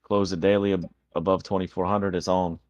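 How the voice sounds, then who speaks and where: A man hosting a live trading stream, talking through charts with excited, cussing commentary. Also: low voice, brisk, highs cut off. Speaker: livestream host trading. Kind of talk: casual livestream chat.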